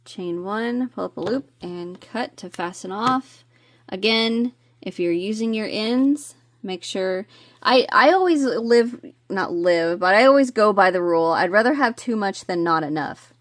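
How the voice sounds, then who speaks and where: A woman's voice: medium pitch, expressive, unhurried, dry recording. A woman teaching crochet step by step. She talks in a chatty, homey way and counts stitches under her breath. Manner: counts stitches softly, chatty asides, slips on words. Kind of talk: step-by-step craft tutorial.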